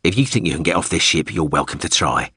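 A man's voice: extremely low pitch, lively intonation, fast talker, bright, forceful tone, breathy edge, no room sound, clean studio sound, heavily acted. A man voicing a cold starship pilot who gives clipped, commanding orders. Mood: curt.

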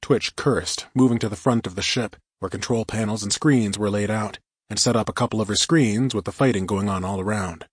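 Man, audiobook narrator, first-person action story, steady delivery, husky, dry close recording. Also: lowish voice, a little fast, no echo.

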